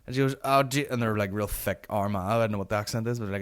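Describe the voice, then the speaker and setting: A man's voice: on the low side, rapid-fire, hardly any pauses. A Northern Irish man in his late twenties, hosting a podcast with a sweary, ranting comic monologue. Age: late 20s. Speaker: podcast host.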